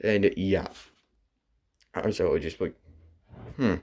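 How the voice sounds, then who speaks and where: Guy rambling through a fan story, kinda low voice, and yeah and yeah. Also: moderate pace, darkish tone, highs cut off. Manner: rambling, full of fillers. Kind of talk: improvised fan story retelling.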